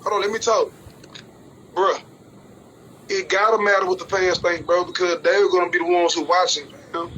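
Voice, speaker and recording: A man cutting into a heated argument as co-host, trying to calm both sides. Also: high-pitched, moderate pace, pauses often, a little hiss or hum, low-quality recording. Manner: cuts in to calm things down.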